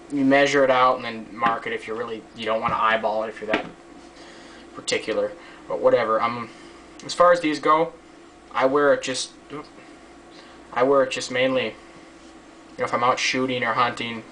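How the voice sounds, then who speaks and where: This how-to video maker talks through a hands-on tutorial in a relaxed, rambling way, cracking jokes and swearing heavily. His medium-pitched voice is bright and forceful, steady in tone at a moderate pace with frequent pauses. A distant mic adds faint hiss.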